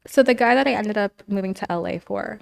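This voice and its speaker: A woman speaks as a podcast guest, recounting her past in a frank, conversational flow. Her pitch sits in an ordinary middle range. She peppers her talk with "like" and slips into the voices of people she quotes. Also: a little fast, gravelly. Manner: talkative, heavy use of "like", acts out quoted dialogue. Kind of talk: candid interview storytelling.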